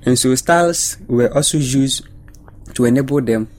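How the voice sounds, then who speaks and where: Measured man on Bible study. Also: medium pitch, darkish tone. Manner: measured, teaching tone. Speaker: panelist. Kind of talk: panel discussion on Bible study.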